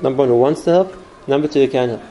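A man's voice: medium pitch, rapid-fire, mellow, slight background noise, rough recording. A man giving an earnest spoken Torah class, explaining step by step with numbered points. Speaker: Torah teacher.

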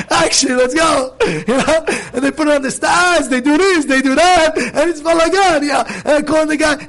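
An animated man preaching as a rabbi, his voice sitting unusually high for a man. He tells stories in a lively, conversational way, acting out the voices of the people in them and putting questions to the listeners. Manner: animated storyteller, acts out voices, asks audience questions. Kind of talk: informal sermon with stories. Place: synagogue event hall.

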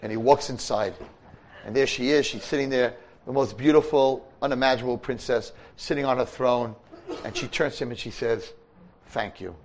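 An older man, a rabbi and teacher, giving a storytelling sermon in a yeshiva study hall, animated and breaking into shouts. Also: medium pitch, fairly quick, a little hiss or hum.

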